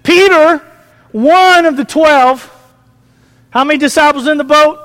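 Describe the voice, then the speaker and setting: Man, very high voice, sermon, asks the crowd questions, long hall reverb. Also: unhurried. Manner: animated, asks the congregation questions. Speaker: preacher.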